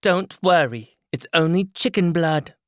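A man's voice: lively intonation, unhurried, no echo, clean studio sound. A man reading an audiobook, voicing a brash, faded older woman who mocks and scolds. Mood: scornful. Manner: shrill, mocking, theatrical. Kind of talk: audiobook character voice.

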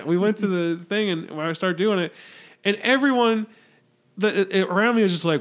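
A man's voice: sits high, moderate pace, a bit bright. A young man co-hosting a casual podcast, telling rambling work stories with plenty of swearing. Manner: rambling storyteller, swearing, laughing at his own jokes. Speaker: podcast co-host. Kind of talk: casual chat.

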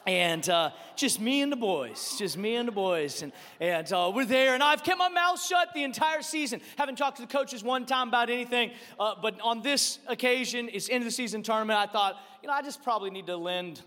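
A male pastor, animatedly telling a personal story as he leads into his sermon in a church. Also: very high-pitched. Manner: animated storyteller, quick asides. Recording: long reverb of a large hall.

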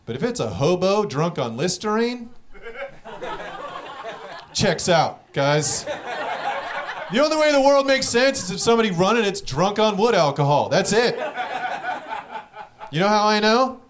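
A young man doing a stand-up comedy set, telling stories in a profane, rapid way with act-outs, audience laughing behind him. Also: sits high, very animated, crowd noise.

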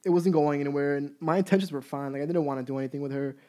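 A young man in his twenties with a voice pitched a touch high tells a story casually. He is blunt and profane, and he talks in an animated, offhand way. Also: racing. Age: 20s. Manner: candid, profane, animated anecdote.

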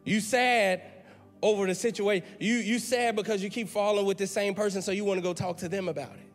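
A man's voice: high-pitched, fairly even intonation, a little fast, faint music behind. Emphatic preacher man, hall reverb. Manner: emphatic, conversational preaching with repeated words. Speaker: pastor. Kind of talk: sermon. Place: church sanctuary.

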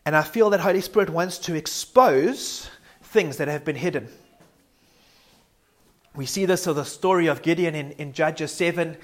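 Speaking at a moderate pace, this preacher gives an earnestly convinced sermon in a voice pitched slightly above the typical man's. His reflections come out aloud, with the occasional stumble and restarted word.

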